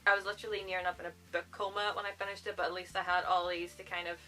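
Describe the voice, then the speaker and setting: A woman book vlogger reviewing a novel in a casual, gushing way, bursting into animated exclamations. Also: lowish voice, rapid-fire, faint music behind.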